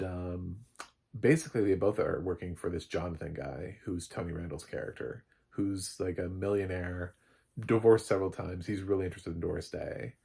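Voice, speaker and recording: A man giving a casual, rambling film recap, full of fillers and quick laughs. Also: low-pitched, gravelly, darkish tone, husky. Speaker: film reviewer.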